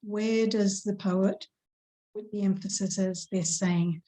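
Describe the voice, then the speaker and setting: A woman teaching an online grammar lesson to schoolchildren, patient and measured, stressing syllables slowly as she recites. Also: mid-range voice, steady tone, mellow, poor audio.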